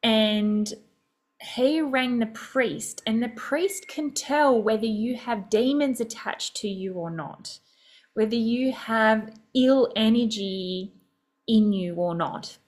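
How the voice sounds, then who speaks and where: A woman's voice: fairly high pitch, slow. A young adult woman hosting a podcast, telling a personal story in a chatty, reflective way with many fillers. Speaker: podcast host.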